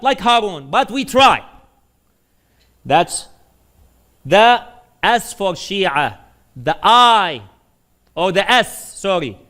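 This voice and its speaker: A man's voice: high-pitched, a bit bright. A man preaching a sermon, telling stories with animation and putting questions to his audience.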